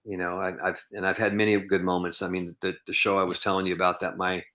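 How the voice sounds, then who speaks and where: Brief: male podcast guest, deep bright-edged voice, rambling earnest storyteller. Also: flat delivery, fast, slight background noise. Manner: rambling anecdotal, heavy with "you know" and "um". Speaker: podcast guest, professional bowler.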